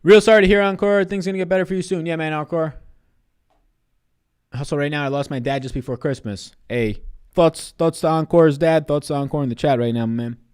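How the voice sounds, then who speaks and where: A man's voice: a little high, fairly quick, darkish tone, smooth. A man in his twenties on a casual live stream, giving fantasy basketball picks and answering chat in a loose, profane way. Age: 20s.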